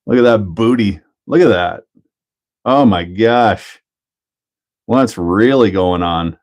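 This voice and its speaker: Building a model car on his laid-back hobby livestream, a man talks slowly in a lowish voice, laughing as he chats and welcomes viewers by name.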